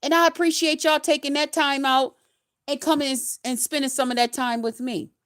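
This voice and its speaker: High-voiced woman in a cussing rant. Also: steady tone, a little fast, a bit bright. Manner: heated, cussing, insulting, emphatic. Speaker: nurse and vlogger. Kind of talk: angry profane rant to camera.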